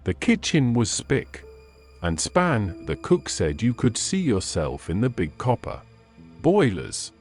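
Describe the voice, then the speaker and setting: A man's voice: mid-range voice, wildly swooping pitch, slow pace, a little mellow, soft background music. A man reading classic fiction aloud as an audiobook narrator, telling the story expressively.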